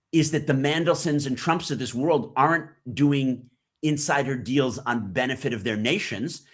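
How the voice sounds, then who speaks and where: A man's voice: medium pitch, a bit bright. A man who hosts a podcast, giving emphatic interview commentary full of rhetorical questions. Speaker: podcast host as guest.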